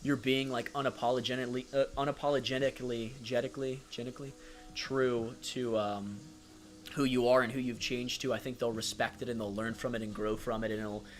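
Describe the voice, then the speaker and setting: Male streamer host, flat gentle delivery, supportive and affectionate, faint music underneath. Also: mid-range voice, fairly quick. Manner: affectionate, supportive, frequent fillers; reads chat comments aloud. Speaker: livestream host. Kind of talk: casual livestream chat.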